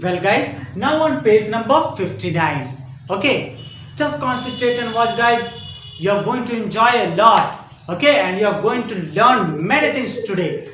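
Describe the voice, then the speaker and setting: A man teaching a grammar lesson to young children. He talks slowly, repeats himself, spells out words letter by letter and keeps checking in with "okay?". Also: sits high, expressive, pushed and bright, distant mic, slight background noise. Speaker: school teacher. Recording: very echoey room, voice away from the mic.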